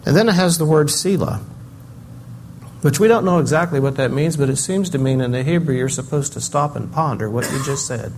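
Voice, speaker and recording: An older man preaching a sermon, swinging between loud emphasis and quiet, reflective asides. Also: on the high side, a little fast, a little hiss or hum. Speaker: pastor.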